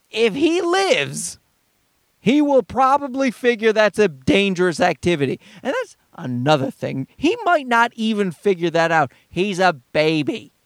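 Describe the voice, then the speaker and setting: A man's voice: sits high, dry recording, clean studio sound. A father ranting heatedly and profanely about other parents' advice, talking from inside his car. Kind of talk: ranting monologue.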